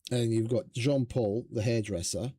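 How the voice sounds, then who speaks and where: A man's voice: mid-range voice, fairly even intonation, a little slow, mellow, husky, no room sound. A man streaming a survival game, chatting casually in a rambling, profane, stop-start way. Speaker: gaming streamer. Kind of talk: casual gameplay commentary.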